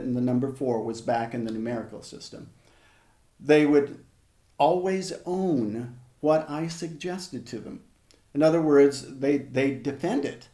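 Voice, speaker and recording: Older man, hypnotherapist, measured conversational storytelling, warm mellow tone, echoey room. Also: medium pitch. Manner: measured, conversational, with frequent restarts and asides. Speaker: hypnotherapist guest. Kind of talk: reflective storytelling in an interview.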